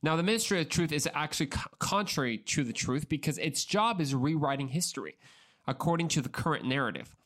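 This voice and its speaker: A man's voice: a little high, expressive, brisk, fairly bright tone. Earnest man hosting a solo podcast. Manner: earnest, conversational, with frequent restarts and repeated words; addresses the listener directly. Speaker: podcast host.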